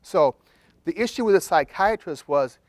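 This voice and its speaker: A man's voice: fairly high pitch, lively intonation, normal speed, no echo. A man, a therapist, presenting a case study to an audience in a conversational storytelling way, checking in with listeners as he goes.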